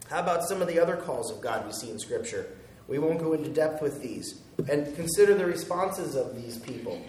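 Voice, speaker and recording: A man's voice: mid-range voice, darkish tone, slight background noise. Pastor, male, conversational sermon delivery with light humor; room echo, distant mic. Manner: conversational, chuckles at his own jokes.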